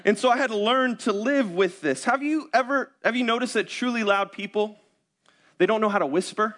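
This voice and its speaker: A young man with a notably high-pitched voice delivers a sermon as a pastor. He talks in a conversational, self-deprecating way, asking the congregation rhetorical questions between personal stories. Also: brisk, a bit bright.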